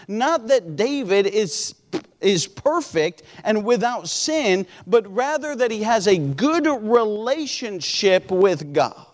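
High-voiced man preaching in a reverberant hall. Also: lively intonation, measured pace. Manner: earnest, repetitive, many fillers and restarts. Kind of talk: sermon.

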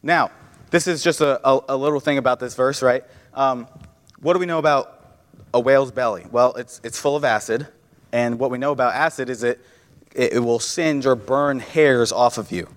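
A man's voice: medium pitch, normal speed. Young male preacher, earnest, stumbling restarts, church hall with long reverb. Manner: earnest, repeats words and restarts often. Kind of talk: sermon with personal story.

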